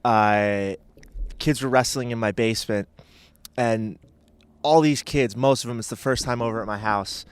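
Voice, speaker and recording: A man's voice: mid-range voice, normal speed, clear, resonant tone. A man chatting casually as a podcast guest, rambling and hesitant with lots of filler words.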